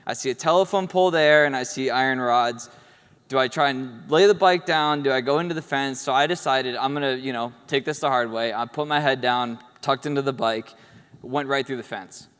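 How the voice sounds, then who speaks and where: Wry young man telling a story, smooth voice. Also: mid-range voice, a little fast, a bit bright. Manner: casual, wry, matter-of-fact about drama. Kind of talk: live personal storytelling. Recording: long hall reverb.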